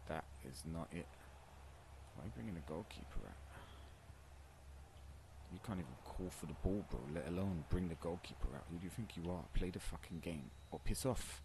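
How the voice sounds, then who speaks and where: A man's voice: sits low, a little fast, pauses often, background noise. A man, streaming a football game and cursing at his teammates in frustrated trash talk. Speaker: gaming streamer. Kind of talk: live gameplay commentary.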